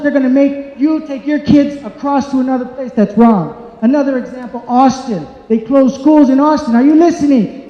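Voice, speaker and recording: A man giving an angry, emphatic public comment at a community meeting in a church hall, repeating his points. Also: very high voice. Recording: echoey hall, dull sound.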